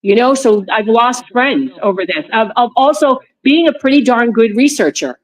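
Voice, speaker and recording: A woman's voice: a little high, normal speed. A woman guest in an interview, telling a personal story in a rambling way with many restarts and repeated words, on a video call. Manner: animated when recounting her friends' words.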